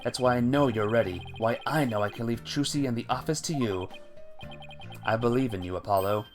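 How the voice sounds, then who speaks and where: A calm mentor offers measured reassurance, as a man voices him in a game playthrough. He speaks a touch lower and slower than the performer's own voice. Faint music hums behind him. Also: close to an everyday voice. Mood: reassuring. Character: calm older male mentor lawyer, reassuring.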